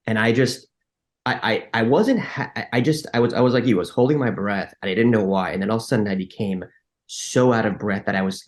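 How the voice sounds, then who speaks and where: Low-voiced man explaining with animated asides. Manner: animated, explanatory, acts out inner dialogue; frequent restarts and filler likes. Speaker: podcast guest. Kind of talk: conversational interview.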